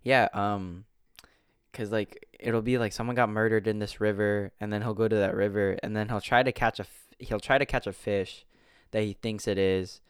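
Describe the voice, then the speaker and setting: A young man chatting casually into a close mic, rambling, swearing freely and bursting out in excitement. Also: fairly low pitch, moderate pace, smooth, no echo. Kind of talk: casual chat. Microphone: close desk mic.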